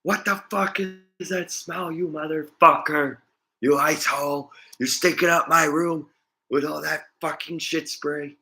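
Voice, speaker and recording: A man voicing an angry old woman who shrieks insults in a high-pitched scold. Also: steady tone, measured pace, pushed and bright, heavily acted. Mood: outraged.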